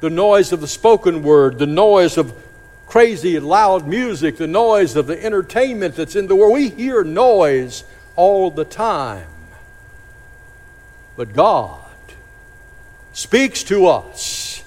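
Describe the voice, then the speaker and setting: A man preaching a sermon, dramatic, slowing and dropping to a hush on key phrases. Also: fairly high pitch, big pitch swings. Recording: long hall reverb.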